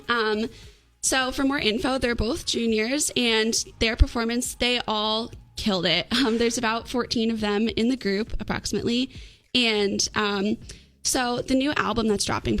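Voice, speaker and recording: A woman's voice: a little high, fairly bright tone. A young woman hosting a casual interview, upbeat and gushing over her guests' answers. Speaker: student interviewer, host.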